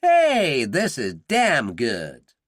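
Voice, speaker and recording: A man's voice: high voice, sing-song, moderate pace, fairly bright tone, no echo, studio quality, pitched above the performer's own voice. A man voicing an Irish ex-gunman who puts on a hearty southern American accent. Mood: put-on swagger. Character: cocky Irish ex-gunman putting on a brash American drawl.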